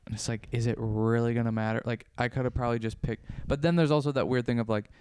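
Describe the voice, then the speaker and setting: A man's voice: medium pitch, steady tone, fast, darkish tone, a little hiss or hum. A young adult man co-hosting a podcast in casual chat, rambling and questioning himself as he acts out little quotes. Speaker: podcast co-host.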